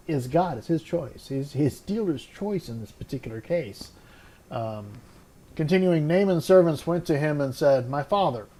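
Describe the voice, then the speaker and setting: A man's voice: fairly high pitch, warm tone. A man hosting a casual Bible study talk, reading scripture aloud and then musing on it with many fillers and restarts. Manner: admits unsure pronunciations. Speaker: podcast host.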